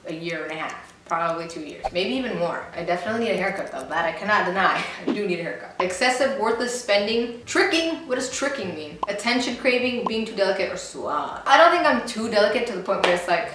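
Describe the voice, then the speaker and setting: A woman's voice: fairly low pitch, animated, a little fast. A young woman vlogging casually, chatty and rambling with a playful manner. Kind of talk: casual vlog reading comments. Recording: very echoey room, faint noise.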